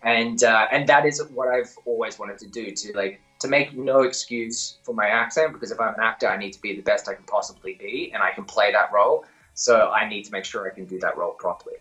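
A man's voice: lowish voice, brisk, pushed and bright, dull audio. A man with an Australian accent, an actor talking casually in an interview, rambling and correcting himself with lots of fillers.

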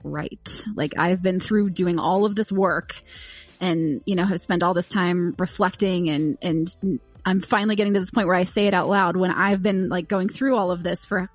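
A woman's voice: on the low side, moderate pace, dry recording, soft background music. Laughing woman co-host in dry studio. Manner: warm, laughs often, animated retelling. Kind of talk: casual chat.

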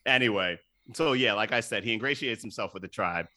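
Bright-voiced man recapping a movie. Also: lowish voice, a little fast, no room sound, studio quality. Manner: loose, profane, laughs often, acts out quotes. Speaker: podcast host. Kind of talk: casual chat, recapping a movie.

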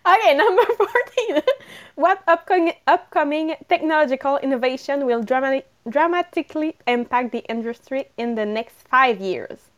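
A woman's voice: sits high, expressive, normal speed. A woman co-hosting a podcast, reading numbered questions and laughing often. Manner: giggly, reads questions from a list. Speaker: podcast co-host asking questions. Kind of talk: casual podcast Q&A.

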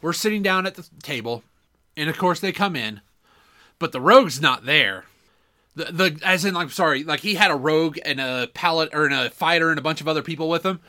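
A man's voice: a little high, a little fast. A man co-hosting a podcast, telling a story in casual chat with lots of swearing and laughter, on a desktop condenser mic. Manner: animated, profane, laughs through his story. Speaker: podcast co-host. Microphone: desktop USB condenser mic.

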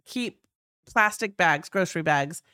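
Middle-aged female co-host, smooth clear tone, chatty and playful, dry close mic. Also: on the low side, expressive, measured pace, bright, forceful tone, no echo. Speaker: podcast co-host. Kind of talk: casual chat.

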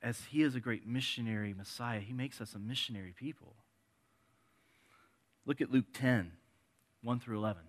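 A man preaching a sermon in a conversational way, moving between soft and emphatic delivery and reading scripture passages aloud. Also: mid-range voice, normal speed, pauses often.

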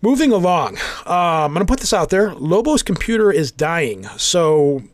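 Sing-song and fairly high-pitched, this podcast co-host in his 40s speaks at normal speed without any room sound. He spins a rambling, jokey story in a casual chat, acting out the quotes as he goes.

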